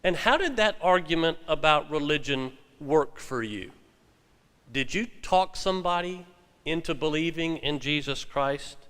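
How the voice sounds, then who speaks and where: A man's voice: on the high side, unhurried, a bit bright, clean tone. Male pastor preaching in a reverberant sanctuary. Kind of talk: sermon with scripture reading.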